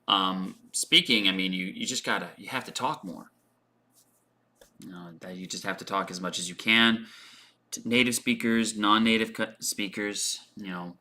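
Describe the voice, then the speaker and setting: A man hosts a casual English lesson livestream, answering viewers' questions as they come in. He thinks aloud, often restarting and filling pauses with "um" and "uh". His voice is slightly low yet bright and forward. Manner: frequent fillers and repeated words. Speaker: English teacher.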